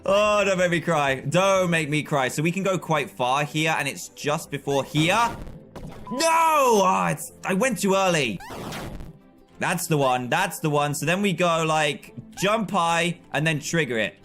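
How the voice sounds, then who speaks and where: High bright-voiced excitable male gamer. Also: a little slow, faint music behind. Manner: frustrated, excitable, yells at the game. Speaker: streamer. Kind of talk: live gameplay commentary.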